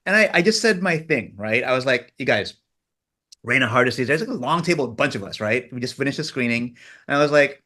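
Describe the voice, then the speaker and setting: A man's voice: medium pitch, animated, fairly quick, bright, forceful tone. A man, a film director guest on a podcast, telling a story animatedly and self-deprecatingly, acting out what others said. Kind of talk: casual interview chat.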